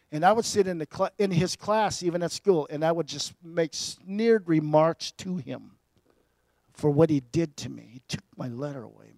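A man preaching a personal testimony as a sermon, telling his story with big swings between loud and quiet. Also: on the high side, no room sound.

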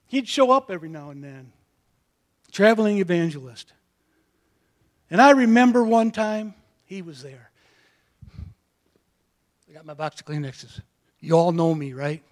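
A man preaching a sermon in a folksy storytelling way, moving from quiet asides to loud calls to the congregation. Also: sits high. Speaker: pastor.

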